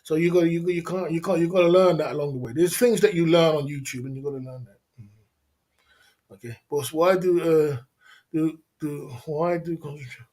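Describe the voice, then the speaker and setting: Chatting through viewer comments on a relaxed livestream, this host rambles and repeats himself, talking in streetwise slang. He speaks at normal speed in a slightly high voice with a darkish tone.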